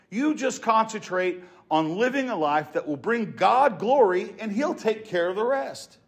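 A man preaching a sermon to his congregation in an earnest, emphatic way. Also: sits high. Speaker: pastor.

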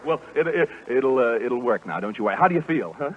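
A man's voice: medium pitch, lively intonation, fast. A man hosting a live radio game show, jovial and joking, often laughing along with contestants. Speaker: quiz show host. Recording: old lo-fi radio broadcast with faint hiss.

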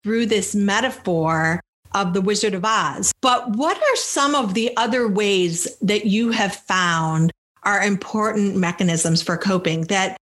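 A woman's voice: medium pitch, unhurried, a bit bright. Affirming woman interviewer. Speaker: host.

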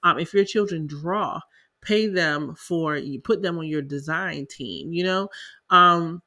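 Bright-voiced Southern podcast host. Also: mid-range voice, slow pace. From South Carolina. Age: adult parent. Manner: chatty, laughs often, checks in with listeners. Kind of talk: casual teaching talk on small business finances.

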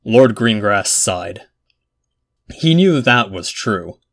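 A man narrating a fan fiction chapter aloud in a measured storytelling manner. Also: fairly low pitch, animated, creaky, fairly bright tone. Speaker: audiobook narrator.

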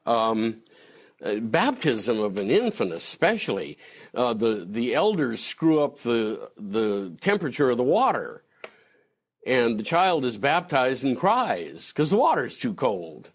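A man's voice: medium pitch, measured pace, husky. A man lecturing on theology in a conversational, digressive way, answering a question from the floor. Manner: digressive, animated, breaks into acted quotes.

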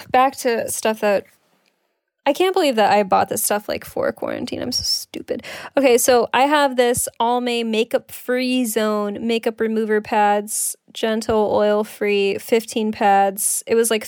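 A young woman co-hosting a podcast, chatting casually about beauty products she bought, self-deprecating and quick to laugh. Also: on the high side, animated, no echo, studio quality. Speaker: podcast co-host. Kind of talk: casual chat reviewing products.

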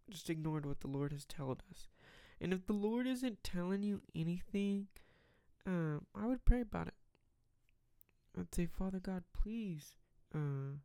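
A man giving a casual, rambling Bible reflection, reading verses aloud and filling pauses with "um" and "like.". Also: fairly high pitch, gravelly, mellow, clean tone, no echo, clean studio sound. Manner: rambling, many fillers, reads scripture aloud.

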